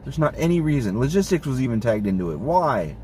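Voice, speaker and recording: A man rants about his job in a casual monologue, swearing freely and sounding fed up. His voice sits in an ordinary middle register. Loud car and road noise runs under every word. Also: mid-range voice, big pitch swings, fast, far from the mic. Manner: profane, exasperated ranting.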